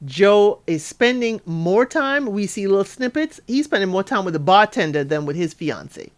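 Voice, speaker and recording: Woman, casual reality TV recap, lively swooping pitch, chatty asides. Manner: animated, acts out quotes in voices, chatty asides. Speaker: recap podcaster.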